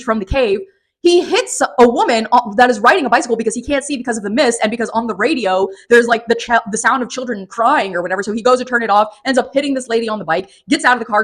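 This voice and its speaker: A woman giving a casual, profane and sarcastic spoken book review, recapping the plot with animated energy. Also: on the high side.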